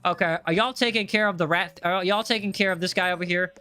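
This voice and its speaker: Bright, high-voiced male game streamer. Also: steady tone, fast talker, clean tone. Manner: playful, teasing, chatty. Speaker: gaming livestream host. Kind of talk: live gameplay stream, reading chat aloud.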